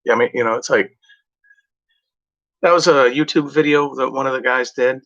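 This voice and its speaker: A man with a bright, forceful voice rambles through casual chat, circling back and correcting himself mid-thought. His sentences lean on "like" and "you know". The recording sounds dull and lo-fi. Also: medium pitch, moderate pace. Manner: meandering, full of "like" and "you know", self-correcting. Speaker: vlogger.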